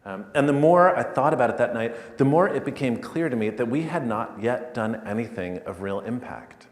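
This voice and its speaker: Animated man in an echoey hall. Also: mid-range voice, normal speed. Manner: animated storyteller, building to loud peaks. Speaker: keynote speaker. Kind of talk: conference keynote storytelling. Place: large conference hall. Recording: echoey hall, speaker a little far.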